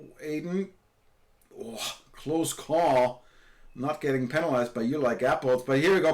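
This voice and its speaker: A man commentates live on virtual sailing races, excitable and quick to exclaim, repeating his calls as the boats close in. His voice is a little high.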